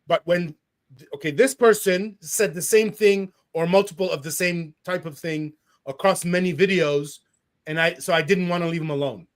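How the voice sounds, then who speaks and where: A man with a high-pitched voice hosts a casual talk show and reads viewer comments aloud. He sounds animated and indignant and laughs as he talks. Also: moderate pace. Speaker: podcast host. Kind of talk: casual conversation, reading out comments.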